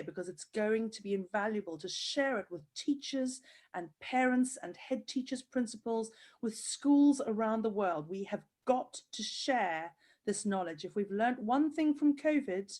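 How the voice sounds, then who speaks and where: A woman's voice: mid-range voice, animated, unhurried, darkish tone. A woman hosting a video-call interview, tearful and gushing with praise for her guest. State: crying. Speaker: host of handwriting program.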